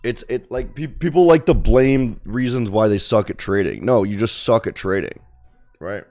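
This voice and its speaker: A man's voice: lowish voice, moderate pace, darkish tone. A man talking casually and bluntly while he trades live, rambling through his points and swearing now and then. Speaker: day trader streamer. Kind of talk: casual trading talk.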